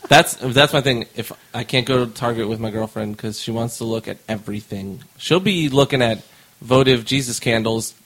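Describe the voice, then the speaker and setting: A man's voice: mid-range voice, normal speed, fairly bright tone, low-quality recording. A young man co-hosting a casual podcast chat, blunt and emphatic as he rants. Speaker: podcast co-host.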